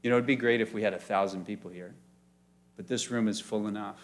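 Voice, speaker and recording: A man's voice: on the low side, steady tone. Man addressing a church gathering. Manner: friendly, jokey, reads quotes slowly with emphasis. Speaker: pastor introducing speakers. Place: church meeting room.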